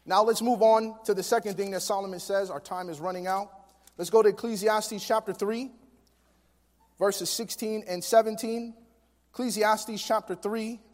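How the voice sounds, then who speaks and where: Delivering a sermon in a large, reverberant hall, a high-voiced male pastor alternates between hushed storytelling and forceful preaching. His intonation stays fairly even and his pace moderate.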